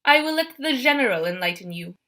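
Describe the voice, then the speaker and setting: A woman's voice: on the high side, expressive, a little fast, pushed and bright, voice pushed up. A woman voicing a cold, mocking male monster. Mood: taunting. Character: menacing male monster posing as teacher. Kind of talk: audiobook character voice.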